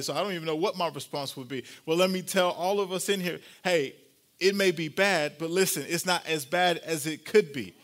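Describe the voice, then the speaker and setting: A man with a fairly high voice preaches to his congregation, leading with a family story. He talks loosely and conversationally, teasing the room and drifting into light humor. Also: fairly bright tone. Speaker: pastor. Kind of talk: sermon.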